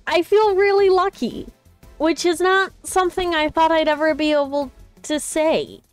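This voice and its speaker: A woman's voice: very high-pitched, normal speed, soft background music. A woman hosting a live stream, gushing and rambling in casual chat, with many restarts. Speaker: streamer host.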